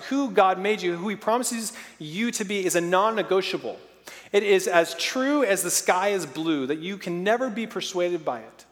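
A man in his thirties preaching a sermon in a lively, storytelling way. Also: on the high side, in a large hall. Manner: lively, storytelling with playful sound effects.

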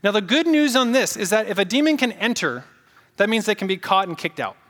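Pastor dude preaching, high voice, hammers points home, lots of hall echo. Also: male voice, big pitch swings, brisk, fairly bright tone. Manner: emphatic, repeats key points and quizzes the congregation. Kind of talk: sermon.

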